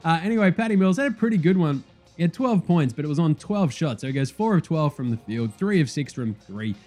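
Over a light bed of music, this male sports podcast host keeps things casual, talking fast, rambling, and swearing with an animated, lively-pitched delivery.

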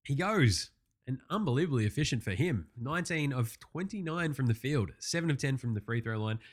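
Profane, ranting Australian sports host. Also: male voice, mid-range voice, expressive, a little fast. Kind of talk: casual sports recap commentary.

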